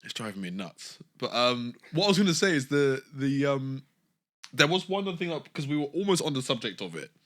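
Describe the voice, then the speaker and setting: A man's voice: mid-range voice, very animated, fairly quick, a bit bright. Laughing young man chatting. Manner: laughs often, swears, does mocking impressions. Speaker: podcast co-host. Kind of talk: casual chat.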